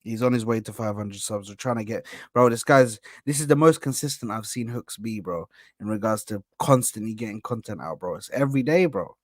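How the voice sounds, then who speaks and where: A man hosting a live football reaction panel, animated and talking over the others with lots of "bro". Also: fairly low pitch, brisk, dry recording, clean studio sound. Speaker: host of an Arsenal reaction stream. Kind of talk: casual live panel chat.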